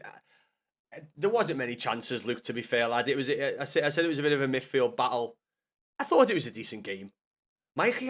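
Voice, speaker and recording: A young man from Liverpool with a Scouse accent, chatting casually and swearing as he banters with his live-stream viewers. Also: fairly high pitch. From Liverpool, England. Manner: sweary, banters with chat by name, gets loud and excited. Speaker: football streamer.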